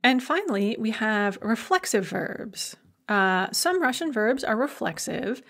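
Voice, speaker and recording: A woman instructor giving a recorded lecture over slides, explaining grammar patiently and saying example words slowly and carefully. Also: fairly high pitch, sing-song, a bit bright. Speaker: language instructor.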